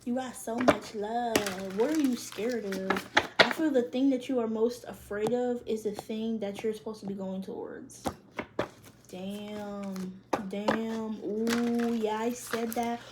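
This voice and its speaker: A woman's voice: a little high, fairly even intonation, unhurried, heavy background noise. A young woman, doing a casual tarot reading in loose, profane slang and laughing often. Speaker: tarot reader.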